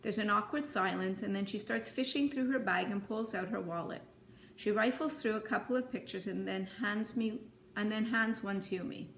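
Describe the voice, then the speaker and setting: Gravelly-voiced woman reading a novel aloud. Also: medium pitch, normal speed, fairly bright tone, reverberant, slight background noise. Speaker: audiobook reader.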